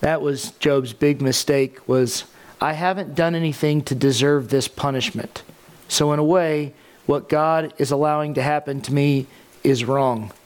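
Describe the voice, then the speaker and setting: Smooth, fairly high-voiced male preacher. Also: steady tone, measured pace. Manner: conversational preaching with asides and fillers. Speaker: pastor. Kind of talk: sermon.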